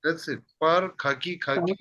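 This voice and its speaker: A man teaching a language class, repeating phrases slowly and patiently. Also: fairly high pitch, steady tone, sharp tone. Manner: repeats phrases slowly, says "that's it" often. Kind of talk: slow patient language lesson.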